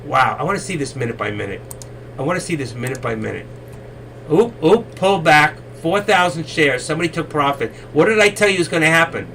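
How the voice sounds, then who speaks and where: Guy running a trading livestream, bright tense voice, kinda far off the mic, bit of background hiss, nagging the chat, yells sometimes. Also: fairly high pitch, expressive, fairly quick, vocal fry. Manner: coaxing, teasing and exasperated with the chat; bursts into loud shouts. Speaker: trading live stream host. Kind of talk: live stream chat with viewers. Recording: distant mic, faint room noise.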